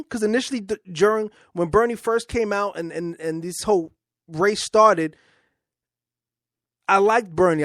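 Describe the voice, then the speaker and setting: A man's voice: high-pitched, dry recording, clean studio sound. A man hosting his own talk show, speaking in a casual, informal way and often repeating words as he starts a thought. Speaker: podcast host. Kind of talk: casual political monologue.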